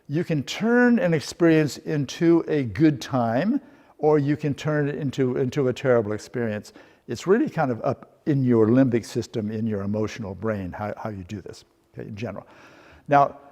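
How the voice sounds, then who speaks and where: A man's voice: medium pitch, lively intonation, normal speed, darkish tone, in a large hall. A middle-aged man presenting a workshop, telling a humorous story with rhetorical questions in a lecture style. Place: seminar room.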